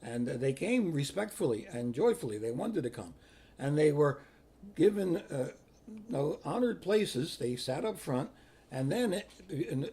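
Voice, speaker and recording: An older man with a husky, mellow voice, pitched a little high. He tells stories with animation, repeating words and acting out footsteps and quotes. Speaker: interviewee recounting history. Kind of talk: personal storytelling.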